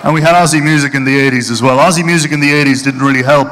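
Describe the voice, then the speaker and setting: A man's voice: mid-range voice, fairly even intonation, very fast, fairly bright tone, big-room sound. A middle-aged Irishman doing live stand-up on stage, punchy and mocking as he tells his stories. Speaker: stand-up comedian. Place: stage at a charity event hall.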